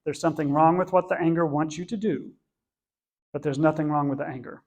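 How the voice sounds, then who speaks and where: A man's voice: a little high, steady tone, a little fast, a little mellow. A man teaching an adult church class in a conversational way, earnestly repeating and rephrasing as he explains.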